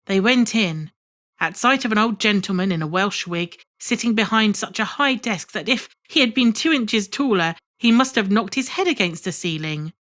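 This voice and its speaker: A woman's voice: mid-range voice, animated, moderate pace, a bit bright. Woman reading a classic novel aloud. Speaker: audiobook reader. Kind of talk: scripted narration of a classic novel.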